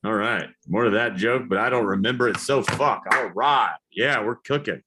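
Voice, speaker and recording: A man doing a rambling, self-deprecating stand-up comedy set, now and then yelling high whoops. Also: normal speed, heavy background noise. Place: comedy show, live virtual audience.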